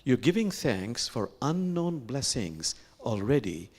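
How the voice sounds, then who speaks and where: Man leading a sermon, animated intonation, slow and pausing. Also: medium pitch. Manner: reflective, slow with pauses, drops to whispers. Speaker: imam giving a sermon.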